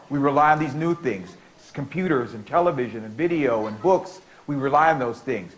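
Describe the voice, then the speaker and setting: A man's voice: on the high side, low-quality recording. A middle-aged man from the United States telling a story to a conference audience, repeating lines in a rhythmic way and leading the crowd in call-and-response. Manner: playful, leads audience participation with cues; repetitive, rhythmic oral storytelling.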